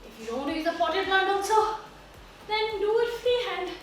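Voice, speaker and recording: A woman's voice: extremely high pitch, big pitch swings, normal speed, slight background noise. A woman with an Indian accent coaching a home workout while exercising herself, out of breath as she talks through each move. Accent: Indian English. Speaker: fitness instructor. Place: room at home. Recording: very echoey room, from far off.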